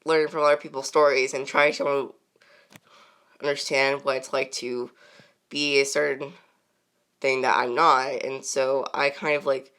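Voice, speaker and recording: A woman's voice: a bass voice, flat delivery, a little slow, long pauses, fairly bright tone. A woman chatting casually and unscripted as a channel host, rambling with many fillers and frequent laughs.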